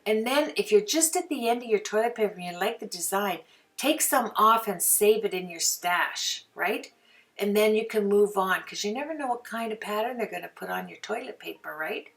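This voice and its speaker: A woman hosting a casual craft tutorial chats to viewers and talks to herself as she works. Her mid-range voice is gravelly and moderately paced, and she sounds far from the mic.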